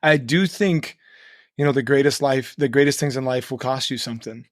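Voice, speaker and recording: Male podcast guest, middle pitch, dead-dry studio sound, earnest sermon-like riffs. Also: no room sound. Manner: earnest, preachy, rapid run-on phrasing. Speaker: guest, nonprofit co-founder. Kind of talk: conversational podcast interview.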